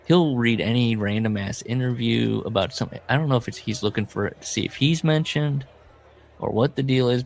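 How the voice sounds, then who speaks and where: A man's voice: on the low side, creaky. A man co-hosting a podcast, telling stories in a rambling, casual way and laughing often. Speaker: podcast co-host. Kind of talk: casual comedic chat.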